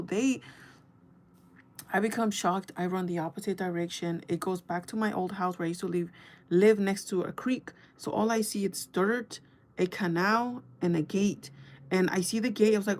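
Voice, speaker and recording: A woman's voice: mid-range voice, moderate pace. A young woman hosting a casual livestream, greeting her chat and telling a long story with lots of fillers. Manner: rambling, animated storytelling with many fillers. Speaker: livestream host.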